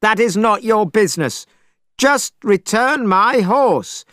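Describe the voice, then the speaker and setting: A man doing a shouting hot-headed monkey hero. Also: sits high, lively intonation, slow pace, no echo, studio quality, voice pushed up, heavily acted. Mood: brash. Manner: shouting, scolding. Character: brash hot-tempered male monkey hero.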